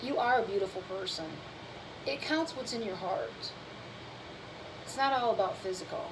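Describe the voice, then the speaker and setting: A woman's voice: medium pitch, lively intonation, moderate pace, background noise. A woman hosting her own cooking channel, chatting casually and candidly with viewers while tired and yawning. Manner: rambling, candid, talks about fitness and feelings.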